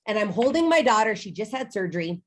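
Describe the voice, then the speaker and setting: A woman's voice: medium pitch, sing-song, fast talker. A woman in her thirties from the United States, giving a motivational talk to a sales team and speaking to the audience directly. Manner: emphatic, personal storytelling, addresses the audience directly.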